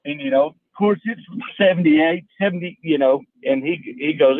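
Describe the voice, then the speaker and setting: This caller from Texas spins a homespun tale on a radio phone-in, speaking a little high at a moderate pace with hardly any pauses. There's no echo, just the thin, tinny sound of a phone line.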